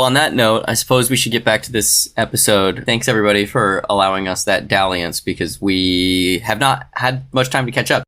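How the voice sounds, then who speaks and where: Brief: podcast co-host, mid-range voice, relaxed delivery of research notes. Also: mid-range voice. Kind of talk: casual chat and reading case notes.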